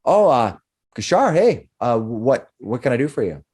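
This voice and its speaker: A man's voice: medium pitch, sing-song, normal speed, darkish tone, husky. A man voicing a friendly, eager male town clerk who talks a little flustered. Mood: surprised.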